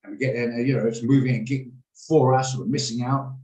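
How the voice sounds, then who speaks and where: A man's voice: mid-range voice, steady tone, brisk, darkish tone, reverberant, low-quality recording. A man hosting a live trading lesson on a video call, explaining his orders and checking in with attendees by name. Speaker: trading room host. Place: home office on a video call.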